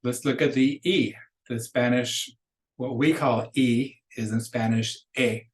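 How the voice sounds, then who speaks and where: A man teaching a recorded beginner language lesson, with a voice in an ordinary middle pitch. He talks in a casual, explaining way with small restarts. For the drills he slows down and says each phrase twice for the class to repeat. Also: steady tone. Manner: patient, models phrases slowly and repeats them. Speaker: Spanish teacher.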